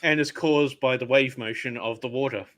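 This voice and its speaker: A man's voice: mid-range voice, moderate pace, a bit bright. A man explaining things as a guest on a casual panel discussion, in a plain, matter-of-fact way.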